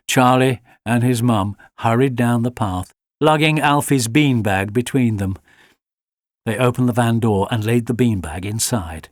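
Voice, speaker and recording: A man giving an expressive audiobook reading of a children's story. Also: mid-range voice, measured pace, no echo, clean studio sound. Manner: lively and expressive. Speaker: audiobook narrator.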